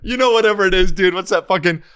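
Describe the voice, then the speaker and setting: A man's voice: sits high, fast, noisy background. A man co-hosting a podcast in casual chat, swearing freely and riffing with mock voices. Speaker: podcast co-host.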